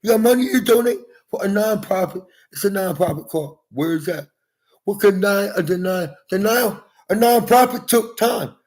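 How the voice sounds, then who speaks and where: A man's voice: high voice, normal speed, darkish tone. A man in his forties talking straight to viewers in a rambling, profane monologue from inside his house, jumping from topic to topic.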